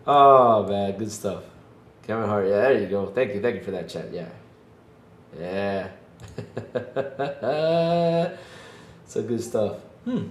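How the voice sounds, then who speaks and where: Playful man in a lively echoey room. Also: lowish voice, takes it slowly, long pauses, slight background noise. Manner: playful, self-mocking, laughs often, mock-whiny. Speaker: livestream podcast host. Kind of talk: casual live-chat banter.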